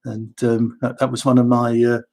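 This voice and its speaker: A man's voice: mid-range voice, completely flat delivery, normal speed, vocal fry, darkish tone. A man, casually telling personal stories in a rambling way, with chuckles and wry asides.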